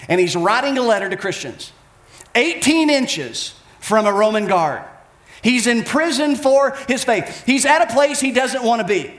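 A male preacher with a strikingly high voice that swoops through a wide range. He builds his points through emphatic repetition. The sound carries the echo of a roomy church sanctuary. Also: a bit bright. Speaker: pastor. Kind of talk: sermon.

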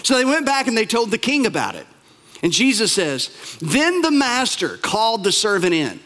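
A male pastor tells a parable in a fairly high voice, stacking repeated phrases for emphasis. He slows right down on the words that matter. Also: sing-song, a bit bright. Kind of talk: sermon storytelling.

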